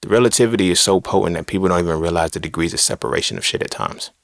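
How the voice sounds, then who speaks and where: Low-voiced blunt preachy man. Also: very fast, gravelly, a bit bright, no room sound, clean studio sound. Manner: blunt, profane, preachy and rhetorical. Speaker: podcast host. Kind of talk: casual monologue on philosophy and religion.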